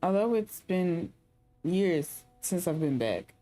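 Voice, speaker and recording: A woman's voice: lowish voice, big pitch swings, slow pace, warm tone, soft background music. Woman reading as a guarded, grieving Argentine woman. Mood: guarded, sad.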